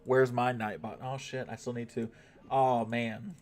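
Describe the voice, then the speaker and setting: A man's voice: medium pitch, flat delivery, a little slow, soft background music. Laid-back male game streamer. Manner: laid-back, chatty, swears casually. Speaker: gaming livestreamer. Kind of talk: casual live-stream chat.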